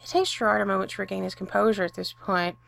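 A woman narrating a romantic story aloud, expressive and unhurried. Her voice is full of deep vocal fry, with a mid-range pitch. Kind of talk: reading fan fiction aloud.

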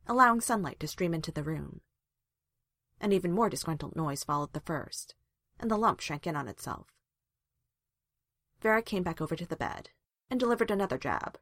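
A woman narrating a story aloud in a calm, even reading voice. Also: on the low side, dry recording, studio quality. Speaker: reader.

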